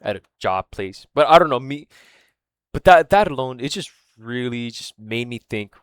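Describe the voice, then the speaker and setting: A man's voice: medium pitch, lively intonation, normal speed, fairly bright tone, clear, resonant tone, dry recording, studio quality. A man telling a story in a casual, rambling monologue, swearing often and losing his thread, with fillers like "right?" and "man". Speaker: vlogger.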